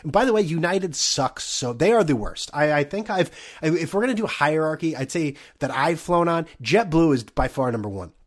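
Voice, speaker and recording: A man's voice: fairly high pitch, animated, brisk, hardly any pauses. Man on a profane comedic rant. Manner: profane, ranting, many restarts and stammers. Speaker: podcast host.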